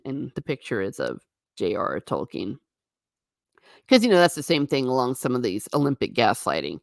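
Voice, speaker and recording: A woman's voice: extremely low pitch, big pitch swings, moderate pace, gravelly, no room sound, studio quality. A woman hosting her own channel, musing alone in her living room in a chatty, rambling way with sarcastic asides. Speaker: channel host. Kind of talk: casual solo musing.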